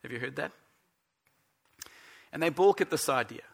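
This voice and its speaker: A man preaching a sermon as pastor, earnest and emphatic, slowing down to stress the scripture he quotes. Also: medium pitch, animated, gravelly.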